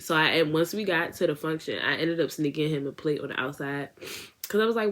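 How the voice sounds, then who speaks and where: A young woman tells a storytime to her viewers in a lively, slangy way. Her speaking voice sits a little low, and she keeps jumping into quoted voices of her friends. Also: fairly quick. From Washington, D.C. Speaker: beauty vlogger. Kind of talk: casual storytime.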